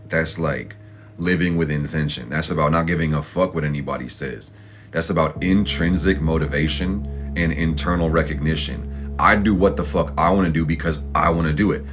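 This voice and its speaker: Over soft background music, a man with a bass voice talks briskly in a slightly bright tone. He runs an astrology and tarot channel and offers a casual motivational reading, full of slang, blunt and profane like a pep talk.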